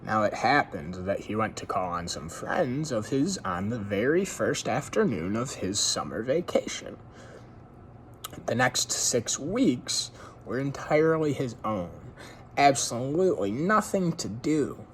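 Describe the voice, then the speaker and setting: Casual male reader, lively intonation, chatty, informal read-aloud. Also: medium pitch, unhurried, slight background noise. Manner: relaxed, chatty asides to listeners. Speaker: story reader.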